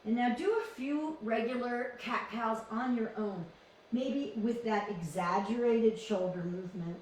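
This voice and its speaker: A woman leading a guided yoga class with calm, encouraging cues, often restarting her phrases. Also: on the high side, unhurried, a little hiss or hum. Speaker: yoga instructor. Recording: echoey room, distant from mic.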